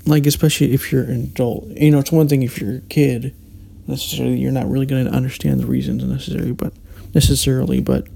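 A man's voice: mid-range voice, level tone, quick pace, vocal fry, hardly any pauses, warm tone, slightly rough. A man hosting a solo podcast, talking reflectively in a meandering way, with frequent restarts and hesitations. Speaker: podcast host.

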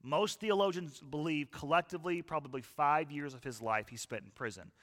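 Male pastor, bright and slightly high voice, conversational sermon to a live congregation, long hall reverb. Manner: conversational, asks the audience questions. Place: church hall with live audience.

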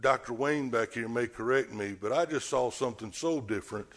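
A man's voice: medium pitch, brisk, a bit bright. A man preaching a sermon, telling the story with animation and acting out scenes.

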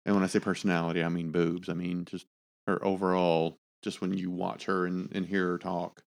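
A man's voice: low voice, little pitch movement, a little fast, gravelly, no echo, clean studio sound. A man co-hosting a music podcast, chatting in a laid-back way and teasing his partner. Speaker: podcast co-host. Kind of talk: casual chat.

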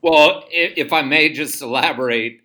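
A man who is a former pastor, guesting on a casual podcast and answering in a measured, hesitant way with self-deprecating laughs. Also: a little high, pushed and bright.

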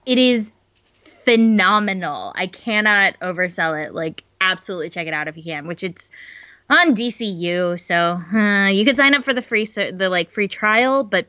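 A woman co-hosting a podcast, chatting casually and eagerly with plenty of filler words. Her voice is bright and forward, and the recording is dry and close. Her middling pitch stays easy and natural. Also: normal speed, no room sound, lo-fi sound. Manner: enthusiastic, lots of filler words. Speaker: podcast co-host. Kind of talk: casual chat.

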